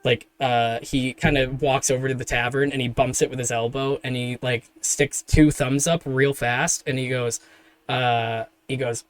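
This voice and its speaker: A man's voice: medium pitch, steady tone, moderate pace. A man narrating as game master of a tabletop game, describing scenes in a rambling way full of fillers.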